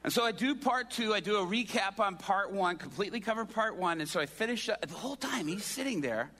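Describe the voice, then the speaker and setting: A man pastor telling a story from the pulpit, animated and acting out the people in it. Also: high-pitched, brisk. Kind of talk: storytelling sermon.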